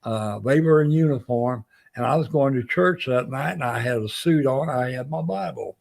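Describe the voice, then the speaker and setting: An older man tells his story in a gravelly, mid-pitched voice. He recounts a memory from his Navy days as a guest and lively storyteller, acting out what the other people said. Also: normal speed. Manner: lively storyteller who acts out quoted voices. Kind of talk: spoken anecdote.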